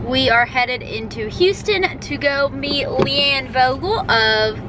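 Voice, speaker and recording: A woman's voice: high-pitched, takes it slowly, noisy background. A young woman, chatting bubbly and directly to her viewers in a casual vlog. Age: young adult. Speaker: vlogger.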